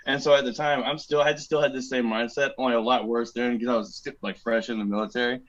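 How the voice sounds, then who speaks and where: A man on a podcast telling casual, animated stories about basic training, swearing a lot and acting out the people he quotes. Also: mid-range voice, fast talker, lo-fi sound. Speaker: podcast guest, army veteran. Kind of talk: casual storytelling.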